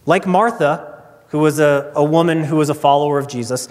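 High-voiced pastor in an echoey hall. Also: male voice, a little fast, darkish tone. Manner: conversational storytelling. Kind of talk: sermon.

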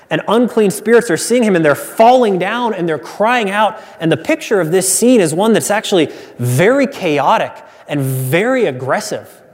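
A male pastor delivers an earnest, emphatic sermon, circling back to repeated refrains for emphasis. His voice sits a little high for a man. The sound carries a long, reverberant hall tail. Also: darkish tone.

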